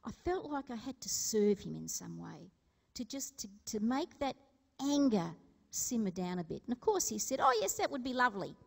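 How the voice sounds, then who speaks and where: This woman preacher has a mid-range, gravelly yet mellow voice with lively intonation, speaking at normal speed. In a church hall with big-room sound, she gives a conversational sermon of stories and questions for the congregation.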